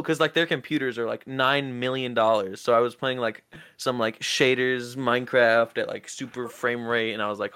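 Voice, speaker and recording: A man's voice: medium pitch, steady tone, fairly quick, few pauses, sharp tone, smooth, no echo, clean studio sound. A man co-hosting a casual podcast chat, rambling through stories, swearing and laughing often. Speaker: podcast co-host.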